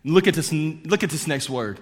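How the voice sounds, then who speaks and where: A middle-aged male pastor delivering a sermon, swinging between loud preaching and hushed storytelling. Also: a little high, animated, brisk, slightly rough. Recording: long hall reverb.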